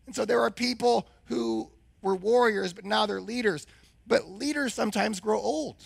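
A male pastor preaching a sermon with a hoarse, husky voice, since he has lost his voice, and asking the congregation questions. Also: high voice, normal speed, dry recording.

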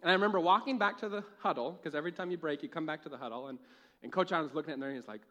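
A young man preaching a sermon in a church, telling a lively personal story and laughing at his own jokes. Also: fairly high pitch, racing, highs cut off. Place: church with a live audience.

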